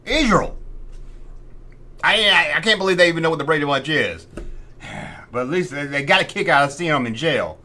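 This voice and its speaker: Sarcastic, animated middle-aged man. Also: on the high side, fast. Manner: sarcastic, rambling, mock-outraged asides. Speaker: host. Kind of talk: casual collector's show-and-tell.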